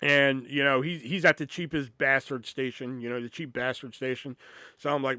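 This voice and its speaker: A man's voice: medium pitch, fairly even intonation, normal speed, pushed and bright, dry recording, studio quality. A man hosting a podcast, telling a story in a casual, profane, rambling way with lots of "you know". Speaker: podcast host.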